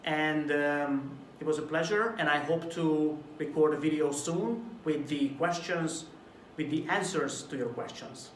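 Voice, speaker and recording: A man from Hungary giving a recorded video talk to camera about presentation delivery, lively and at times acting out a dull, mumbled way of speaking as a contrast. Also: a little high, a little slow, roomy sound, recorded from a distance, a little hiss or hum. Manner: animated, demonstrates flat and mumbled delivery as examples. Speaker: presentation coach.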